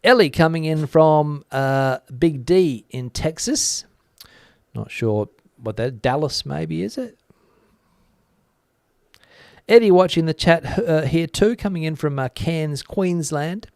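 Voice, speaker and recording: A man's voice: on the high side, lively intonation, a little slow, vocal fry, dry recording, studio quality. Chatty man hosting live chat. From Australia. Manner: hesitant, lots of uh fillers, reads out comments. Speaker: livestream host reading chat.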